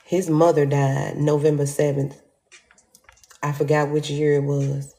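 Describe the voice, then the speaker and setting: A woman telling a story in an animated, profane way, acting out quotes with sudden jumps in pitch. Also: a little slow, a little hiss or hum. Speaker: storyteller vlogger.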